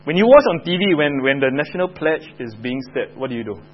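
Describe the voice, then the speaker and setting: A man's voice: on the high side, expressive, fast talker, dull audio. A man with a Singaporean English accent teaching a Bible lesson to children, chatting and asking the class questions.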